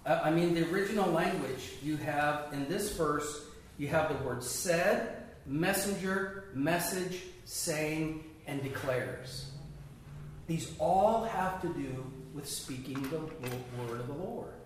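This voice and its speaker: Recorded from afar in an echoey room with slight background noise, a man with a high-leaning voice slowly leads a small Bible study. He teaches in a conversational way, asking the group questions along the way.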